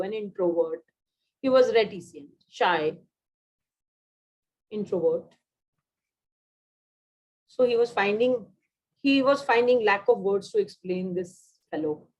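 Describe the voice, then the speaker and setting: A woman's voice: mid-range voice, normal speed, pauses often, darkish tone, muffled recording. A woman with an Indian English accent teaching a vocabulary class online, repeating key words and slipping into Hindi.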